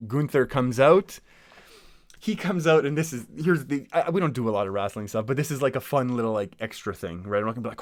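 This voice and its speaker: A man's voice: medium pitch, brisk, dry recording. A man hosting his own podcast, talking casually in a chatty, rambling way with many restarts and small laughs. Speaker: podcast host. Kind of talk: casual solo podcast talk.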